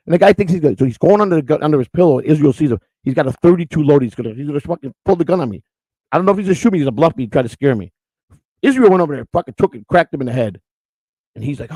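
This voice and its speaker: A man's voice: a little high, expressive, fast talker, a little mellow, no echo. A man from the Chicago area hosting a show, telling a story in profane, rambling street talk. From Chicago area, USA. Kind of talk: casual storytelling.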